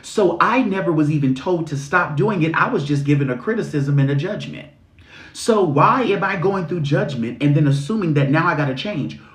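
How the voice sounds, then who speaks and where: A man hosting a live stream, delivering a blunt, sweary motivational rant full of rhetorical questions, swinging into mocking high voices. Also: lively intonation, moderate pace. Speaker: spiritual reader and live-stream host. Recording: roomy echo.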